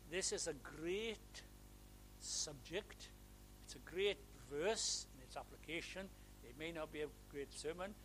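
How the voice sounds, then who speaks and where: Guy preaching a sermon, kinda high voice, earnest, gets fervent, faint hiss behind. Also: a bit bright, low-quality recording. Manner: earnest, building to fervent emphasis.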